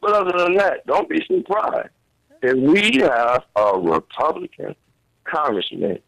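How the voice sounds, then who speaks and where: A man's voice: fairly high pitch, huge pitch swings, measured pace, vocal fry, a bit bright, dry recording, poor audio. Earnest man making his case. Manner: earnest, emphatic, informal grammar. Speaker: guest. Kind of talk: political talk show discussion.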